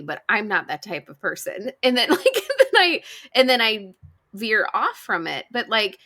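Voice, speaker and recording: A woman co-hosts a relaxed podcast conversation. Her voice is bright and clear, and it swings widely up and down as she talks. She laughs often in quick, high giggles. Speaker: podcast co-host. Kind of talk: casual chat.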